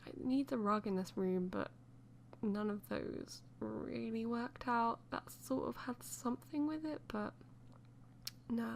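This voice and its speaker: A woman's voice: on the high side, gravelly, a little hiss or hum. A woman chatting loosely as she voices over a game build, rambling with many fillers and light laughs. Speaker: let's play host.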